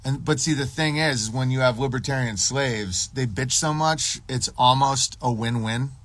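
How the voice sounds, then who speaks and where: A man streaming, ranting in a profane, sarcastic way with deadpan absurd riffs. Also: medium pitch, moderate pace.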